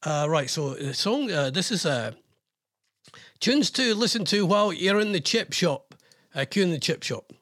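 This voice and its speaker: A man's voice: high-pitched, lively intonation, moderate pace, fairly bright tone. An older man hosting a radio show, telling a rambling, self-mocking story in casual chat.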